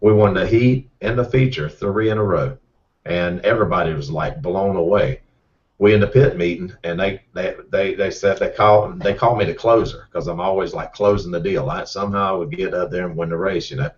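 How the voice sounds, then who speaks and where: A middle-aged race car driver, telling a rambling, folksy story with repeated words. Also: male voice, deep voice, normal speed. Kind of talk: casual storytelling. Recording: distant, muffled mic.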